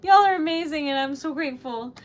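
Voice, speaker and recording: A young woman chats on her livestream while doing crafts, speaking in a high-pitched, fairly quick voice. She sounds flustered and teary, rambling and giggling as she goes.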